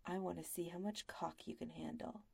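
A woman voicing a cruel male slave merchant who speaks slowly and low, almost purring, and bursts into screaming rage. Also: fairly even intonation, creaky, darkish tone, slightly rough, full character voice.

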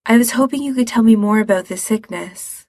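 A woman's voice: a little high, fairly quick, a little mellow, dry recording, studio quality, voice pushed up. A woman voicing an anxious, determined young man who speaks urgently and presses for answers in a read-aloud story.

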